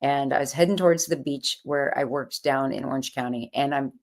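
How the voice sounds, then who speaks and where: A woman guest and author telling her health story in an interview, animated and acting out the voices of people she quotes. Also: extremely low pitch, fairly quick. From California.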